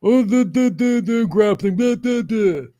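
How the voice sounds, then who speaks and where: A man's voice: sits high, unhurried, dark tone, voice pushed up. A man mimicking a whiny dim fight fan. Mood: mocking.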